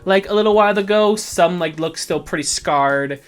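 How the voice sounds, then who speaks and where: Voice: mid-range voice, normal speed, crowd noise. Laid-back, rambling game master. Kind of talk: casual tabletop game narration.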